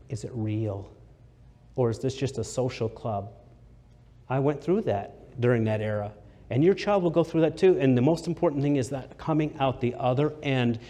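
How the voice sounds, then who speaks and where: A middle-aged man preaching a sermon, dropping to a near whisper and then rising loud and fervent, slowing down to stress key words. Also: mid-range voice. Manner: swings from hushed to loud and fervent; slows down for emphasis.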